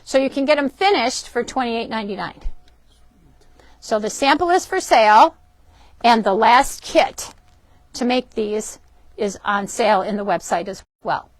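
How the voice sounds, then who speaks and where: A woman hosting a shop's live quilting show, chatty and upbeat, often pausing with ums as she shows fabrics and books. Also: a little high, dry recording. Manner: chatty, upbeat, frequent ums and self-corrections. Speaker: shop host presenting fabrics and books. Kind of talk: casual product demo for a live stream. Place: indoors in a fabric shop.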